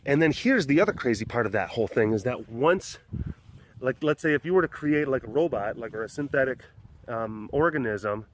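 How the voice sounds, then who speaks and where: A man's voice: medium pitch, a little fast. Chatty man vlogging on a phone. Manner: chatty and rambling, full of fillers, bursts of excitement. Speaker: big cat sanctuary keeper and vlogger. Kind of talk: casual walk-and-talk vlog. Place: outdoor animal compound. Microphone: handheld phone.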